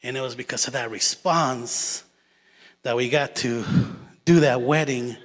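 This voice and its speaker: A man's voice: mid-range voice, unhurried. A middle-aged man giving a sermon as a guest preacher, telling personal stories in a casual, chatty way. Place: church sanctuary. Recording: long church hall reverb.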